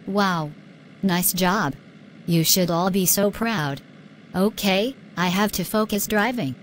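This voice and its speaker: A chatty young teacher, played by a woman, encourages her class while driving. Her voice sits at a medium pitch over faint background noise. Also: slow pace, natural voice. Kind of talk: scripted lesson dialogue.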